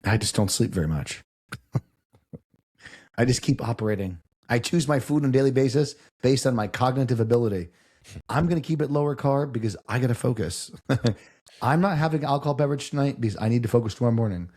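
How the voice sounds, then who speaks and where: Husky young man, animated storyteller, co-host. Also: mid-range voice, a little fast. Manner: animated, acts out family voices with swearing. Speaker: podcast co-host. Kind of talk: casual storytelling chat.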